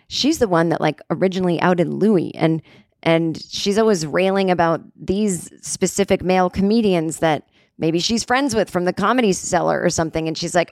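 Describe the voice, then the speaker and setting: A woman's voice: fairly low pitch, a little fast, dry recording, studio quality. A woman comedian hosting a podcast, telling a story in a casual, digressive way, full of "like" and "you know", from a hotel room.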